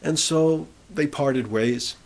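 Speaking slowly in a fairly high voice, a man tells a prisoner's conversion testimony as part of a sermon. He quotes the figures in the story one after another.

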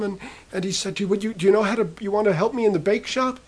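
A man's voice: high voice, quick pace, few pauses, a little mellow, husky. A man preaching, retelling a prisoner's conversion story and quoting the people in it. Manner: retells a testimony, quoting speakers in turn. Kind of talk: sermon storytelling.

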